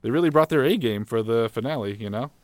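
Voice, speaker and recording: A podcast co-host giving relaxed, thoughtful opinions and laughing easily. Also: mid-range voice, quick pace, dry recording. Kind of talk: casual episode review chat.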